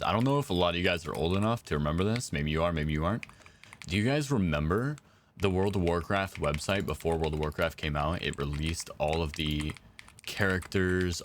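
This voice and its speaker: A man's voice: sits low, slight background noise. A young man chatting casually with viewers while he plays, laid-back and slangy. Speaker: game streamer. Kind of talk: casual live-stream chat.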